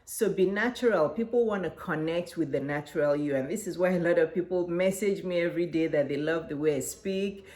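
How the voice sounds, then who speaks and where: A middle-aged woman with a Nigerian accent coaches her viewers directly to camera. Her voice sits on the low side, and she speaks in an encouraging, hands-on way. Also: brisk, hardly any pauses. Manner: warm, encouraging, gestures while talking. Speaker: business coach.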